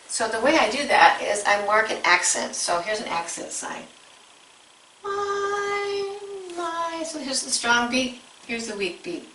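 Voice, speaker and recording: A woman's voice: mid-range voice, pushed and bright, echoey room, recorded from a distance, a little hiss or hum, low-quality recording. A woman coaching teachers through a music lesson, explaining step by step and breaking into short sung examples.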